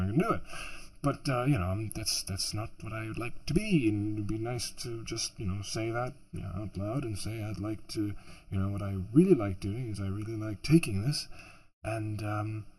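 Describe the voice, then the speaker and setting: Rambling, husky-voiced man. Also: lowish voice, a little mellow. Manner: rambling, many fillers and restarts. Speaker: audiobook producer. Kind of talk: casual self-interview.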